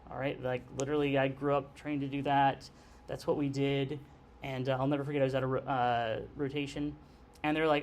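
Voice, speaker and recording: A man's voice: medium pitch, fairly even intonation, brisk, a little hiss or hum. A man giving a lecture on airway anesthesia in a conversational way, often checking in with the class by asking "okay?". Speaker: nurse anesthesia instructor.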